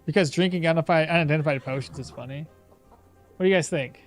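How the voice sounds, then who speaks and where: A man's voice: on the high side, fast talker, soft background music. A man streaming a game, chatting with his viewers, thinking aloud and laughing often. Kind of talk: casual live-stream commentary.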